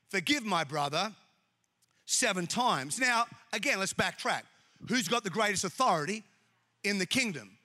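A male pastor delivers a lively sermon with a high, bright, forceful voice, joking and repeating his words as he builds his points. The sound carries a long echo from a large hall. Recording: echoey hall with long reverb.

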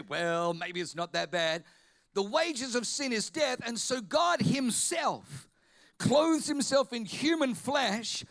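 A man preaching a fervent sermon as pastor, swinging between shouted declarations and quiet asides. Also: extremely high pitch, creaky.

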